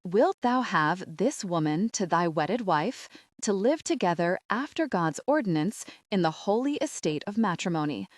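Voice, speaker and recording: A woman reading an audiobook, voicing a beaming older vicar who recites the wedding vows slowly and solemnly. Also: mid-range voice, lively intonation, dry recording, clean studio sound, lightly acted. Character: beaming elderly male vicar, formal and ceremonious.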